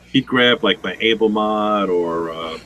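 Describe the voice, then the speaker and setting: A man's voice: lowish voice, a little slow, bright, forceful tone, slight background noise, poor audio. A man hosting a casual chat, telling long rambling stories full of swearing. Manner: rambling, profane storytelling. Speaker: host.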